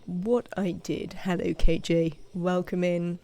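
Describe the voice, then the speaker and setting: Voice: mid-range voice, flat delivery, slow pace, creaky, dark tone. An English streamer narrating a live video game session, chatting with viewers and scolding the game's characters. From England.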